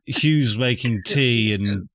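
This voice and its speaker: A man's voice: medium pitch, slow pace, crowd noise. Man narrating as game master. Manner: rambling descriptions with fillers.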